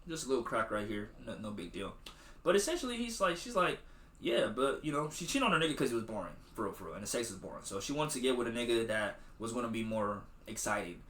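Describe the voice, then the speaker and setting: A man's voice: medium pitch, big pitch swings, fast talker, a bit bright, reverberant. A man hosting a podcast, recapping a movie in loose slangy chat full of swearing and acted-out quotes. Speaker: podcast host.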